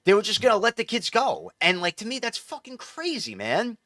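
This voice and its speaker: A man's voice: high voice, huge pitch swings, fairly quick, pushed and bright, no echo, clean studio sound. A man hosting a live stream, telling a story in a casual, profane, exasperated ramble full of restarts. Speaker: livestream host.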